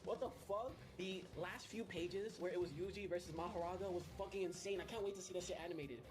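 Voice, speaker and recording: A man rattling off a fast, profane rant full of mockery and exaggerated retellings. His delivery is quick and brash. Music plays behind his voice. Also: sits high, fairly even intonation. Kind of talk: ranting commentary.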